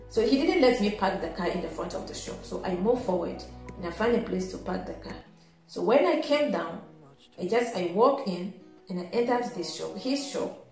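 A woman calmly telling a personal story in a casual, halting way, with frequent restarts. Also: mid-range voice. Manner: calm, halting, many restarts. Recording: echoey room with faint music.

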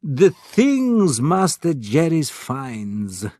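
A man reading a storybook, voicing a blunt, stubborn local man who speaks broken English slowly. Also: fairly high pitch, huge pitch swings, warm tone, no room sound, clean studio sound, pitched above the performer's own voice, heavily acted.

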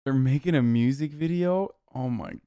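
A man streaming his reactions to clips, with animated, amused remarks in casual commentary. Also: medium pitch, moderate pace, heavy background noise.

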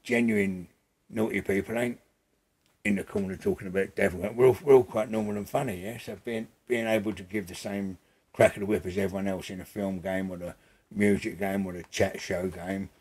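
An older man, gravelly and husky, speaking bluntly and emphatically in a casual interview at his home, swearing freely. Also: lowish voice, steady tone, brisk, a little mellow. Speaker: interview guest.

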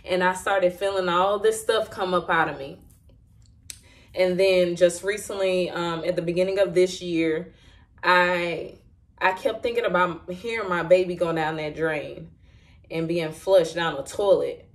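Woman, lowish voice, personal testimony, candid, halting, lots of fillers. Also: fairly even intonation. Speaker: Christian vlogger sharing a testimony.

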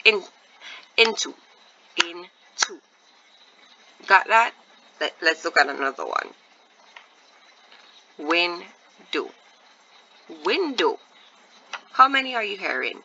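Woman teacher, bright gravelly voice, slow patient phonics lesson, muffled recording with faint hiss. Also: medium pitch, very animated. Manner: drawn-out, deliberate word repetition with encouraging questions. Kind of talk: slow, clear phonics lesson for young children.

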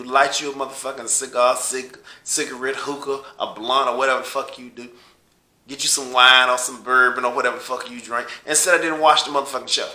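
Brief: LA man ranting profanely, very bright, cutting tone, echoey room. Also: steady tone, quick pace. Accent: Los Angeles. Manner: swearing, heated, louder and higher when riled. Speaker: host of a rant show.

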